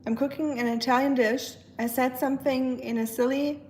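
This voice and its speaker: Her voice is high, with fairly even intonation, a normal speaking speed and a slightly mellow quality, plus a little hiss or hum. She's a German woman with a German accent, cooking at home and chatting with livestream viewers through a phone on the kitchen counter. She laughs often and reads out and replies to the chat.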